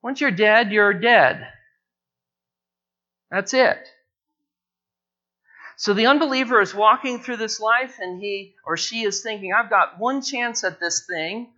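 Bright-voiced male preacher, emphatic and deliberate. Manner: repeats phrases, slows down and rises in pitch for emphasis. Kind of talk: expository sermon. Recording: dull lo-fi recording.

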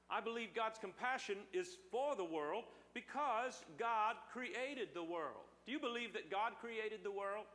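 A man's voice: high voice, fairly bright tone, in a large hall, slight background noise. A middle-aged male pastor preaching a sermon in church, talking with his congregation and drawing answers from them. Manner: preaching with call-and-response to congregation. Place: church sanctuary.

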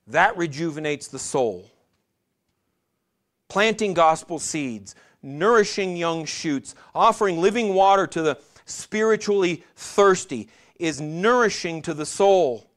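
A man delivering a sermon in an earnest, direct way, speaking to his congregation as brothers and sisters. His voice sits a little higher than most men's. He often doubles back and restarts phrases as he preaches. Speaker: pastor.

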